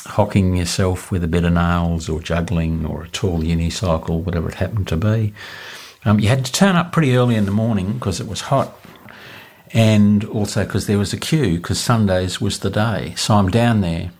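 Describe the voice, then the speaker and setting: A man's voice: low-pitched, darkish tone. A man telling a comic story, chatty and self-mocking. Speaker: storyteller, former street performer.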